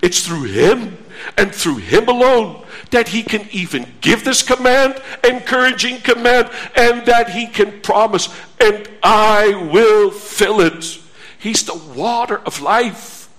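A male preacher with a very high voice, delivering a sermon at a slow, deliberate pace. He asks earnest rhetorical questions and reads scripture aloud. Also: expressive, a bit bright.

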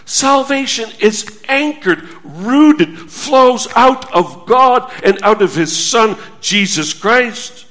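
Man, pastor, sermon, high voice, deliberate emphatic pace. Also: animated, a bit bright. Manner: slow, emphatic preaching with scripture quotations.

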